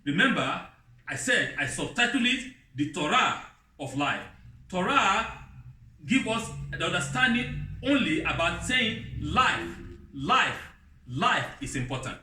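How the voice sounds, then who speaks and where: A man preaching a sermon in non-native English with broken grammar, lively, mimicking other voices in a high pitch. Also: unhurried. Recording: roomy hall, voice from a distance.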